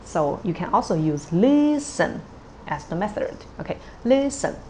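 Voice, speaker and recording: A woman's voice: on the low side, sing-song, moderate pace, warm tone, slight background noise. A woman teaching a pronunciation lesson, explaining patiently step by step with frequent "okay" and "uh". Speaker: language teacher.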